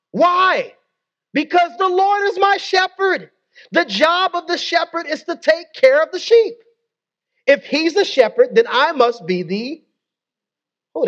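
Very high-voiced man preaching a sermon. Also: a bit bright, highs cut off. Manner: call-and-response preaching to a congregation; conversational, folksy asides. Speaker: pastor.

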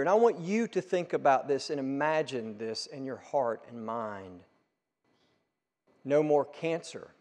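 Male pastor, high voice, unhurried sermon delivery with emphatic repetition, big hall reverb. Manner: building emphatic repetition, rising to forceful peaks. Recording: long reverb of a large room.

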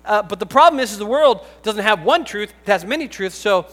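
A man's voice: sits high, expressive, fairly quick, a bit bright. A man preaching a sermon in a conversational, joking way, breaking into emphatic bursts. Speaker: pastor. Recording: long hall reverb, faint music.

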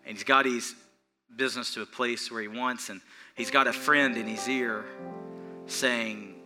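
A pastor preaching an earnest, animated sermon in a church, repeating phrases for emphasis and chuckling between points. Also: male voice, mid-range voice, a little slow, faint music behind.

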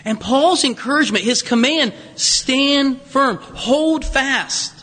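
A man preaching a sermon, telling stories with humor and asides in an animated way. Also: extremely high pitch, takes it slowly, big-room sound. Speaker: pastor.

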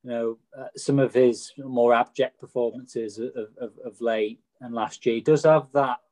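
A man's voice: mid-range voice, fairly even intonation, normal speed, darkish tone. A man, a co-host giving wry, opinionated takes in a casual football chat. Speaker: podcast co-host.

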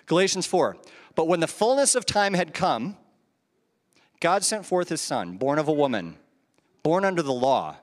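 Male pastor, high and expressive voice, chatty sermon delivery with rhetorical questions, long reverb from the hall. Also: normal speed, long pauses. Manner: conversational preaching, rhetorical questions, chuckles at own asides. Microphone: handheld microphone.

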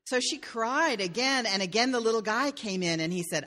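A woman's voice: a little high, lively intonation, normal speed, hardly any pauses, a bit bright. A woman pastor telling a fairy tale in a sermon, with playful asides to the listeners.

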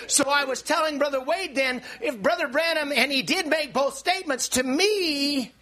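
A man preaching a sermon in an animated, storytelling way, repeating words and bursting into shouts for emphasis. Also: extremely high pitch, normal speed, hardly any pauses.

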